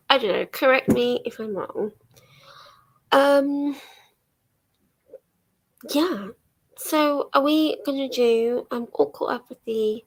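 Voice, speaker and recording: An English young woman hosting a book livestream, chatting casually with many ums and small laughs. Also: a little high. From England. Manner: chatty, rambling, lots of ums and little laughs. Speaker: book vlogger hosting a reading sprint. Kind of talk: casual chat to a livestream audience.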